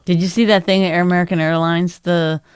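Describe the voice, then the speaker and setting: A middle-aged woman co-hosts a podcast, chatting casually at a quick, smooth pace in a dry, studio-quality recording. She's an animated storyteller, acting out what people said in a raised, high voice.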